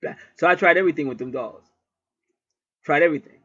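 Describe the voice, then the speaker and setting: A man's voice: a little high, fast, bright, forceful tone, slightly rough, no echo, muffled recording. Rambling, cussing man telling a home story. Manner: profane, rambling, repetitive. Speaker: channel host. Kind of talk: casual storytelling monologue.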